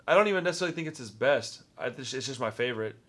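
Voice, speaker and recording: A man's voice: mid-range voice, expressive, very fast, a bit bright. A man with a Texan accent hosting a casual movie-ranking vlog, talking with rambling enthusiasm and often repeating words. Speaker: movie review vlogger.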